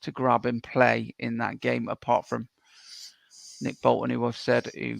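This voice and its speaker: A man co-hosting a sports podcast in casual chat, rambling with many ums and restarts, blunt and quick to swear. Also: mid-range voice, monotone, vocal fry, no room sound. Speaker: co-host.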